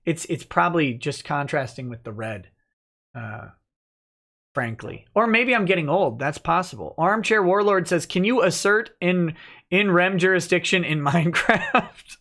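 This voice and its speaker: A man hosting a casual livestream, reading out viewer comments and answering them in a relaxed, joking way, with many "uh" fillers. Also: sits high, measured pace. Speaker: lawyer and livestream host.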